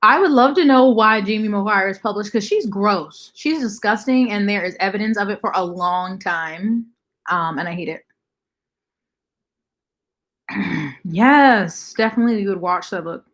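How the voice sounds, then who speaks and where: A woman's voice: medium pitch, a little slow, fairly bright tone. A young woman hosting a casual livestream, bluntly reacting to chat comments and swearing freely. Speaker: livestream host.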